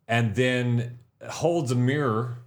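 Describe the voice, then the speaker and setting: A man's voice: medium pitch, slow, a little hiss or hum. A man hosting a podcast, explaining ideas in a casual, musing way that often trails off mid-sentence. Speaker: podcast host. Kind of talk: casual conversation.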